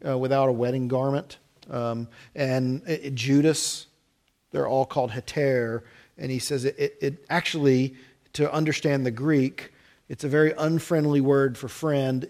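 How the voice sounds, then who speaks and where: Male pastor, middle-pitched voice, easygoing explanatory sermon delivery with dry humor. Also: a little mellow. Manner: conversational, explanatory, with wry asides.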